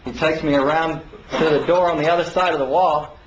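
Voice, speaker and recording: A man telling an animated story about his own court case, acting out the people he quotes. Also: on the high side, brisk, a little hiss or hum. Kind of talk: anecdotal storytelling talk. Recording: roomy, dull lo-fi 2009 recording.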